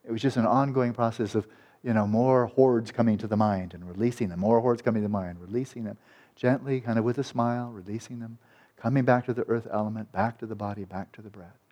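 A male meditation teacher giving a dharma talk at a retreat, speaking gently and soothingly and often trailing off into soft repeated words. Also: mid-range voice.

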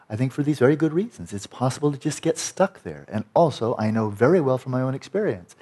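A man's voice: a little mellow, slightly rough. A man teaching a meditation retreat, giving a dharma talk in an emphatic, conversational way. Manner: emphatic, conversational, rises in pitch to stress points.

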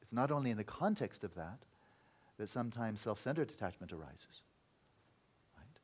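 Man, meditation teacher, reflective dharma talk, lowish pitch, breathy edge. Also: very animated, normal speed. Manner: earnest, reflective, acts out inner voices.

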